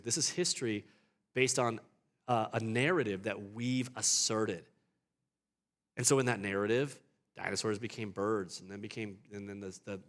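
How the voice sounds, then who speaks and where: A man teaching a church apologetics class in a conversational way, asking rhetorical questions and often restarting his sentences. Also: fairly low pitch.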